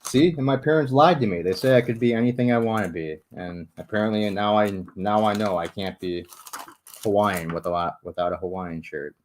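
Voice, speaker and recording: Building a model ship on a livestream, a young man with a fairly low voice talks briskly in a casual late-night chat with his viewers. He pokes fun at himself, curses freely, and laughs a lot, with slight background noise present.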